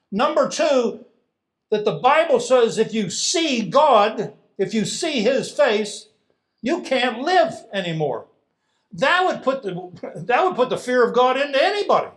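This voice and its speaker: Male pastor, high and very lively voice, expressive sermon delivery, hushed to booming. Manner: animated, swings from hushed to loud emphatic delivery.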